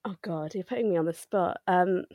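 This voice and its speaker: A woman co-hosting a casual podcast chat, with dry, deadpan humour and frequent ums. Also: lowish voice, brisk, dry recording. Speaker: podcast co-host.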